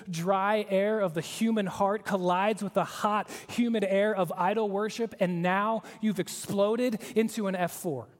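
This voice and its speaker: A man preaching a sermon, earnest and emphatic, at times dropping to a hushed tone. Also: high-pitched, in a large hall. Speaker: pastor.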